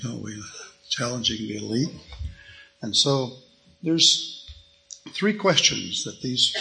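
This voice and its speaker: A man teaching from the Bible in a folksy, conversational way. His voice has a gravelly rasp with a bright edge. He reads old scripture wording aloud between his own remarks. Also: medium pitch, poor audio.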